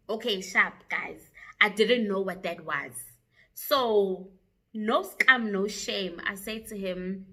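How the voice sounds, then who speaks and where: A young South African woman telling a story to her viewers in a chatty, animated way, with frequent asides. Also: mid-range voice, slow pace. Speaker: YouTuber. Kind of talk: casual storytime vlog.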